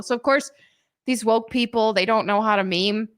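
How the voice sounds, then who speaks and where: A woman's voice: a little high, normal speed, a bit bright. A woman hosting a live stream in a casual chat, giggling often and mocking what she reads.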